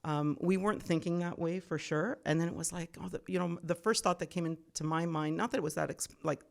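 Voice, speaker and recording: A middle-aged woman, a guest on an interview show, telling stories in a casual chat, animated and often laughing. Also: fairly low pitch, a little fast, gravelly. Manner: animated, laughs often, acts out quoted voices.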